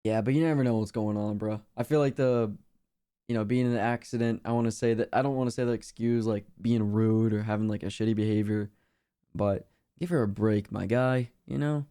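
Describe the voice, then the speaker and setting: Young man, streamer, casual reaction chat, mellow voice, slangy, rambling. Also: lowish voice, fairly even intonation, fairly quick, clear, resonant tone. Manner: laid-back, slangy, rambling with fillers.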